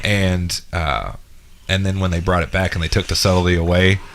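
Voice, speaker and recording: A man co-hosting a podcast in casual chat, enthusiastic and quick to agree and laugh. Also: low-pitched, steady tone, a little hiss or hum. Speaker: podcast co-host.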